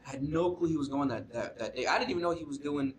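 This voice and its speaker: A man's voice: a little high, fast, a little hiss or hum. A young man, a musician guest telling a story in a casual interview, rambling with lots of fillers and swearing. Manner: rambling, profane, filler-heavy.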